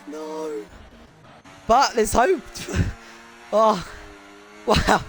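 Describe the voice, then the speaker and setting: Excitable woman commentating a race. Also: extremely slow, pauses often, slight background noise. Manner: excitable, laughs often, voice leaps high and loud in exciting moments. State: voice strained from shouting. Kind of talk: live sim racing commentary.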